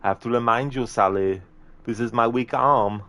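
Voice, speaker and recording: A man doing an impression of a gruff, menacing commando soldier with a heavy Austrian accent. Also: mid-range voice, normal speed, fairly bright tone, voice pushed up, natural voice.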